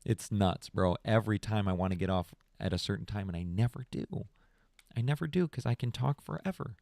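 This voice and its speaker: A young man hosting a podcast stream, telling stories in a rambling, animated casual chat and calling people "bro". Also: on the low side, fairly quick, vocal fry, no echo, studio quality. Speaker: podcast host.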